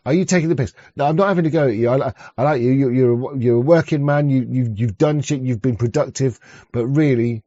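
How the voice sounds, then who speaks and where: This streamer talks fast in a warm, medium-pitched voice, ranting through crude, sarcastic reaction commentary on a clip with many restarts. The dull lo-fi mic picks up no room sound.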